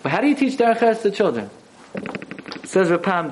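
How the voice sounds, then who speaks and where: A man teaching a Torah lesson in a sermon style, animated and acting out the quotes he tells. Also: high-pitched, a little fast, a little hiss or hum, rough recording. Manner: animated storyteller, acts out quotes. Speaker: rabbi teaching a Torah class.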